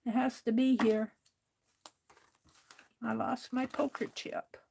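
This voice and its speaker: A woman's voice: a little high, little pitch movement, takes it slowly, vocal fry, darkish tone, a little hiss or hum. A woman hosting a crafting livestream, chatting casually, thinking aloud and talking to her viewers. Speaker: livestream host.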